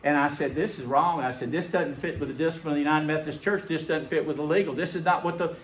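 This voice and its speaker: A man's voice: on the high side, fast talker, vocal fry, few pauses. Folksy preacher man, echoey sanctuary. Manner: storytelling, animated, folksy. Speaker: pastor. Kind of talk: sermon. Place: church sanctuary.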